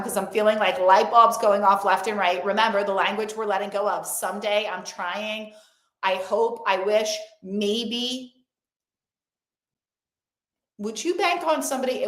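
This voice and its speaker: A woman's voice: mid-range voice, fairly bright tone. A young woman coaching her audience through a live-streamed motivational talk. She speaks in an emphatic, effusive way and keeps repeating upbeat affirmations. Her voice carries a noticeable roomy echo. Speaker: motivational coach hosting an online event.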